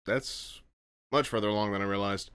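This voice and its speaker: A man's voice: lowish voice, steady tone, moderate pace, a bit bright, clean tone. A tired man hosting a casual reaction video, rambling and trailing off as he reacts.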